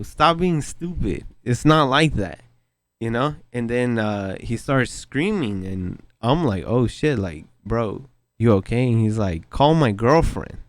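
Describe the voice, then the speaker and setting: A man's voice: medium pitch, dry recording. A young man telling a casual, slangy story with plenty of swearing, often breaking into laughter at his own telling. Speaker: vlogger.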